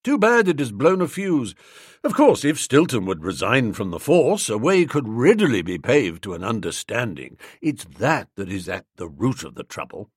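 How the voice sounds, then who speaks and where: A man voicing a glib, teasing young English friend in an audiobook, with a dry, mocking manner and a husky voice. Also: mid-range voice, very animated, moderate pace, no echo. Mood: musing. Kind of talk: audiobook character reading.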